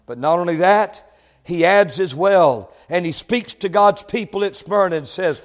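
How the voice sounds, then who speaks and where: A male preacher delivering a sermon, swinging between quiet, conversational asides and loud, shouted proclamations. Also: a little high, animated, moderate pace, in a large hall.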